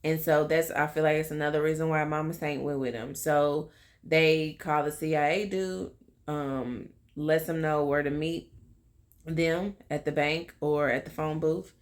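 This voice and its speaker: A woman's voice: deep voice, steady tone, a little slow. A young woman casually recapping a TV episode, chatty and full of fillers. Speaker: TV recap vlogger.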